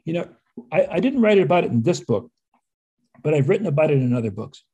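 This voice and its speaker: Older american guy, kinda husky, mellow, rambles w/ wry asides, talks a bit high. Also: sing-song, fast, highs cut off. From United States. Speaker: author and historian guest. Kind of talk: conversational interview.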